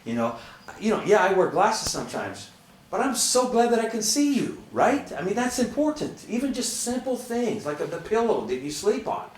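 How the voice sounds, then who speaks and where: A man's voice: high voice, big pitch swings, moderate pace, recorded from a distance, a little hiss or hum. A middle-aged man giving an earnest, conversational motivational talk to an audience, laughing often. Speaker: motivational speaker. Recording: echoey room, speaker away from the mic.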